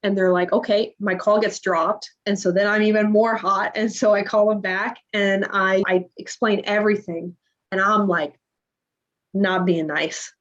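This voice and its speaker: Animated woman telling her story, lo-fi sound. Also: mid-range voice, measured pace. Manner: animated retelling, acts out quoted dialogue. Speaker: podcast guest. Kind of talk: casual interview storytelling. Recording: dull lo-fi audio.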